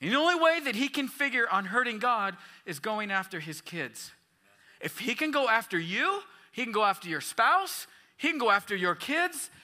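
A man's voice: very high-pitched, sing-song, normal speed, pushed and bright. A man pastor preaching a sermon, reading scripture and asking questions of the congregation with emphatic rises and falls.

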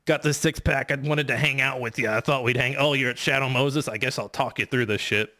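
A man's voice: mid-range voice, steady tone, brisk, sharp tone, close to an everyday voice. A man voicing a laid-back male mentor who calls over the radio, chatty and profane. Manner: casual, profane, buddy-like.

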